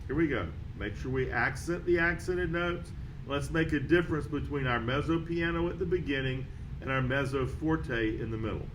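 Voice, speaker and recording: A man's voice: medium pitch, moderate pace, noisy background. A man teaching a beginner trumpet lesson, calling out note names and counting in steadily. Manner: counts off and calls out notes steadily. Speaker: band teacher. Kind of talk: instrument lesson walkthrough.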